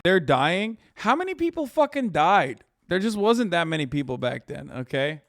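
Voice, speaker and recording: A man streaming reaction commentary, talking in a profane, animated and mocking way. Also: fairly high pitch, moderate pace, no echo.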